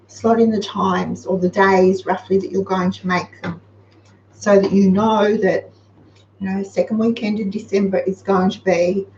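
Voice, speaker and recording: A woman's voice: medium pitch, a little mellow, distant mic. An Australian woman hosting a show, chatting casually and giving practical, homely advice. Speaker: host. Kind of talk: casual live-show chat. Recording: roomy, slightly dull sound with faint noise.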